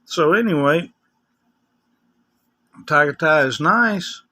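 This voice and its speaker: A man's voice: a little high, animated, slow, sharp tone. An older man with a West Tennessee accent, chatting casually in a rambling, folksy vlog. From West Tennessee, USA. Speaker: vlogger. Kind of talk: casual chat.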